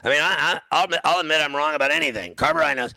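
Gravelly, animated radio show host man. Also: a little high, very fast, dry recording. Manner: rambling, animated storytelling with laughs. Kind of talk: casual sports talk banter. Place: radio studio.

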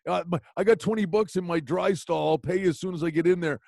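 Brief: lively male host, a bit high-pitched, animated storyteller, dry close mic. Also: fast talker, gravelly, no echo. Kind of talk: casual sports chat.

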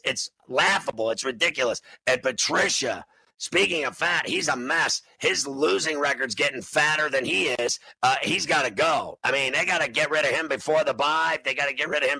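A man co-hosting a sports betting show, loud, crude and mocking, breaking into sudden shouts. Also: medium pitch, dry recording, low-quality recording. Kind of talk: brash sports betting talk.

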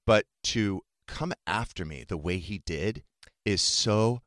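A middle-aged man with a very low voice tells a personal story in casual conversation. He talks with emotion and acts out each person's lines in turn. The sound is dry and close. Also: slow pace, a bit bright, no echo. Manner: emotional, acts out quoted dialogue.

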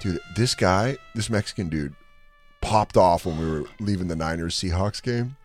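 A man hosting a casual podcast chat, telling animated stories full of swearing. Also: sits low, normal speed, faint music behind. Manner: animated storyteller, swears a lot, acts out quotes. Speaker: podcast host.

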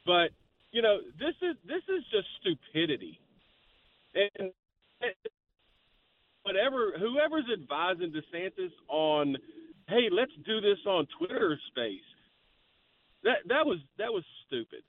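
A man's voice: high-pitched, sing-song, unhurried, pauses often, no room sound. A man calling in to a talk radio show, blunt and opinionated. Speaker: caller. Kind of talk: call-in political talk radio. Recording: tinny phone line.

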